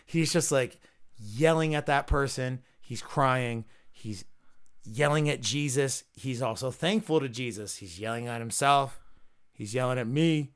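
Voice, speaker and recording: This male podcast host has a medium-pitched voice and speaks a little slowly. His storytelling is casual and wandering, a long anecdote peppered with swearing and other people's quoted lines.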